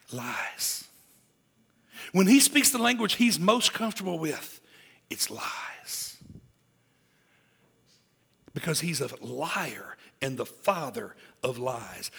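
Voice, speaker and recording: A man in his forties preaching a sermon in a lively, joking way, swinging from loud emphasis to hushed asides. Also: on the high side, gravelly, breathy edge. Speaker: pastor.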